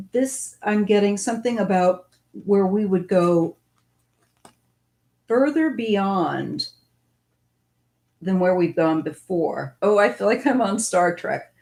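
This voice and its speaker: A woman's voice: medium pitch, expressive, slow pace, pauses often, a little mellow. A woman giving a casual live-stream tarot reading, musing and thinking aloud as she goes. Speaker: tarot reader.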